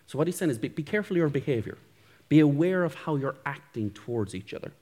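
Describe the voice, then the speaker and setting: A man's voice: a little high, lively intonation, fast talker, a little mellow. A male pastor giving a sermon in a conversational, self-deprecating way, often chuckling. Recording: echoey hall reverb.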